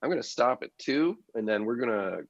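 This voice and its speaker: A man's voice: mid-range voice, lively intonation, fairly quick, no echo, dull audio. A man, a comedian guest on a podcast, telling a story in casual chat, swearing freely and laughing often.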